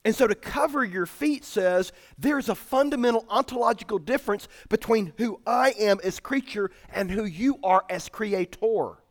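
A man's voice: high voice, moderate pace, few pauses. A male pastor preaching a sermon with emphatic, explanatory delivery.

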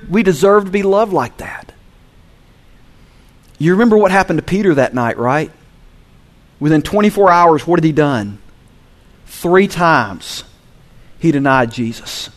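A man preaches with a lively, high-pitched voice. He drops into quiet, low asides, then climbs to loud, emphatic peaks. His delivery is that of a pastor addressing his congregation. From Southern US. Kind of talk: sermon.

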